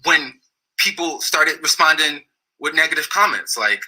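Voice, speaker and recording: Blunt, husky-voiced man telling his story. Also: a little high, moderate pace, rough recording. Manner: blunt, profane, animated when quoting others. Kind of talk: casual storytelling.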